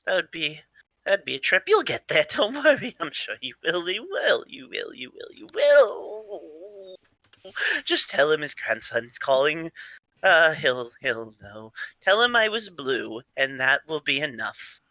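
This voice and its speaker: A cheerful tiefling madman who answers every question in riddles and keeps repeating himself, as a man puts him on. His voice climbs and dips in a lively, sing-song way, with a very bright tone and an unhurried pace. The sound is close and dry. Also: on the high side, dry recording, pitched above the performer's own voice, exaggerated voice. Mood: cryptic. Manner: cheerful, repetitive, cryptic. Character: eccentric male tiefling grandson who talks in riddles.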